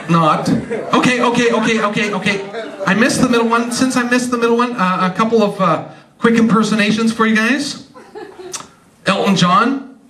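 A man performing stand-up comedy magic for a live audience, teasing them with quick joking asides. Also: very high-pitched, distant mic, crowd noise. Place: live show venue. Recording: roomy live stage sound from off-mic, loud audience. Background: audience laughing.

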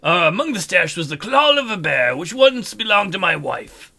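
Man reading a soft, slow, pleading thrall; high, bright voice. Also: very animated, creaky, full character voice. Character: humble male thrall, former outlaw, pleading.

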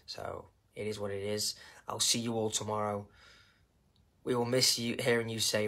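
A man's voice: on the low side, little pitch movement, moderate pace, bright, forceful tone. A man from England with an English accent, talking casually and emotionally on a live stream, rambling and repeating himself.

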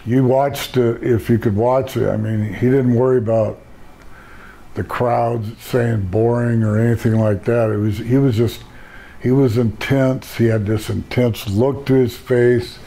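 A hoarse older man telling stories about his career in a casual interview, rambling and correcting himself. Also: mid-range voice, steady tone, unhurried, dark tone, low-quality recording. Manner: rambling storyteller, self-correcting. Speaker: interview guest.

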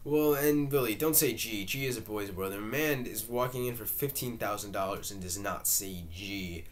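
Aging salesman, pushy and quick-tempered, loud insistent lecturing; a man reads it in an amateur read-through. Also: lowish voice, a little hiss or hum, lightly acted.

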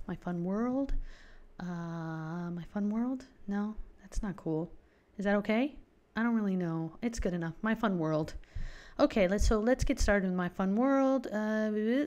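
A woman's voice: medium pitch, moderate pace, background noise. Gushing young woman gaming commentary. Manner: gushing, gasping with excitement. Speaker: let's play gamer. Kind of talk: casual game commentary.

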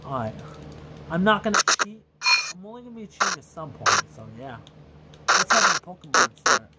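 A woman doing let's play commentary, swearing heavily and bickering as she plays. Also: fairly low pitch. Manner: heavy swearing, ranting and bickering. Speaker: gaming video host. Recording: loud background noise.

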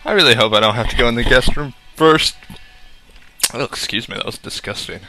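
A young man talks to himself while playing a game, his mid-range voice a little fast, bright and forceful, with faint music behind. In this casual let's-play commentary he's jumpy, swearing, humming and yelping when startled.

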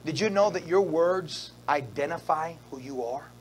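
A man's voice: a little high, normal speed, slight background noise. A male pastor preaching a sermon at a church service, repeating phrases and calling out to the congregation for responses.

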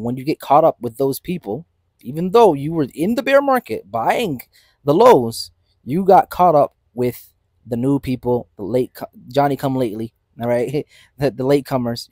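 A man hosting his own channel with unscripted market talk. His voice sits at an ordinary middle pitch and is recorded dry and close with no room sound. He talks animatedly and emphatically, pushing each point home. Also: a little mellow, dry recording. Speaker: crypto channel host. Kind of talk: casual unscripted market commentary.

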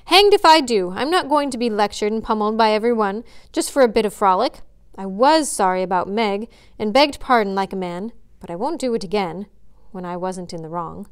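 A defiant, hot-tempered young man who won't back down, as a woman reads his part. His indignant lines come in a smooth voice. It sounds like a storybook reading. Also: medium pitch, lively intonation, brisk, natural voice.

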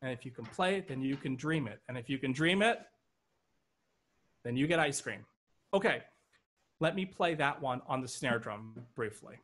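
A man's voice: mid-range voice, lively intonation, normal speed, pauses often, a bit bright. A man teaching an online drum lesson over a video call, counting triplets aloud in rhythm and joking now and then. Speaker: drum instructor.

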